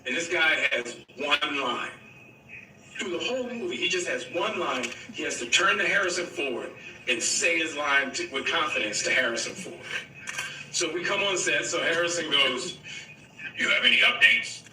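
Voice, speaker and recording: A man telling an animated anecdote at a press event, mimicking other people's voices as he goes. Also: on the high side, normal speed, echoey room, far from the mic, slight background noise, poor audio.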